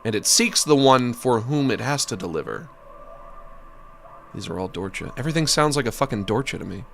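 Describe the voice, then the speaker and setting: A man's voice: mid-range voice, expressive, a little fast, creaky, fairly bright tone, a little hiss or hum. A man casually commenting while playing a game on stream, jokey and rambling. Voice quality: jokey, rambling, slips into silly voices.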